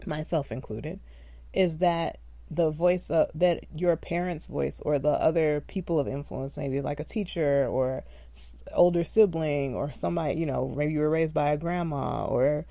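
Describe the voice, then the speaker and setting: A woman hosts a solo podcast, talking loosely and laughing at herself along the way. Her voice sits low and mellow. The recording is close and dry, with no room sound. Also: creaky, dry recording. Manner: chatty and self-deprecating, laughs often. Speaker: podcast host, empowerment specialist. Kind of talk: casual solo podcast talk.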